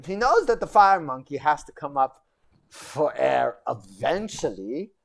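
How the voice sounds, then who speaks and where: A woman's voice: low-pitched, big pitch swings, measured pace, creaky. A woman streamer telling a goblin legend in rambling, broken goblin-style grammar, with chatty asides. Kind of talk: casual livestream storytelling.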